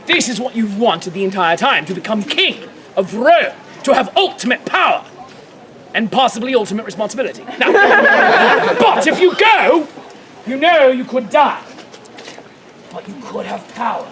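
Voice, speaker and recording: A woman narrating a comic story at a live outdoor show, playful and animated, laughing often as she directs volunteers. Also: on the high side, moderate pace. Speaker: comedic narrator leading audience volunteers. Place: outdoor fair stage. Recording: loud live crowd and noise outdoors.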